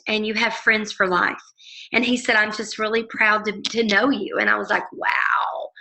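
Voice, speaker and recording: A woman with a bright, slightly high voice chatting through a weekly book discussion. She tells stories casually and animates her voice for every quote. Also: poor audio. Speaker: book study group leader.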